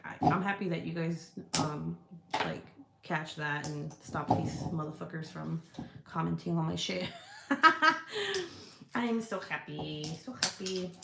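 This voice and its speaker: Selling scented products on a livestream, this woman chats and swears casually while replying to viewers' comments from an indoor room. She has a fairly low, gravelly voice, the sound is roomy, and there's a little hiss or hum.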